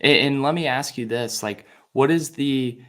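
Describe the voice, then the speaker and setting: A man's voice: mid-range voice, normal speed, fairly bright tone. A man hosting a podcast, asking brief questions and giving short acknowledgements. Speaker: podcast host. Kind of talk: interview questions.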